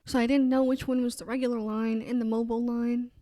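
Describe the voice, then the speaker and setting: A woman's voice: a little high, little pitch movement, fast talker, dark tone, no echo. A young adult woman hosting a casual faith podcast, telling a story in a chatty way and quoting other voices. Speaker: podcast host.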